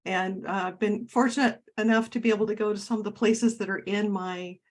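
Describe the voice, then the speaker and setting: A guest author from Oregon chats casually in a video-call interview, reminiscing with lots of fillers and restarts. Her medium-pitched voice stays steady and brisk.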